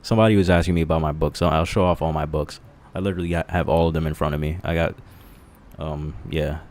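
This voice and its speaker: A man casually rambling on a livestream, crude and profane, laughing at his own jokes, in a dark candlelit room. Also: extremely low pitch, steady tone, fast talker. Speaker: streamer.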